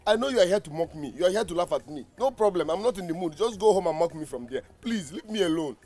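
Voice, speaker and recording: A man's voice: high-pitched, animated, fast, a little mellow, faint music behind. An actor playing a weary Nigerian man who begs his mother to leave him alone. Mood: bitter. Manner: weary, pleading to be left alone. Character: weary, humiliated grown son, a fake soldier. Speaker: troubled husband of several wives.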